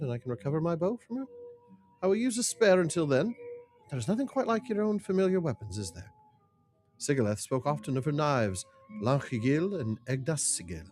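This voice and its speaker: A man's voice: mid-range voice, darkish tone, pitched above the performer's own voice, close to an everyday voice. A man reading a blunt, loyal warrior's quest lines in a formal, solemn way. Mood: earnest.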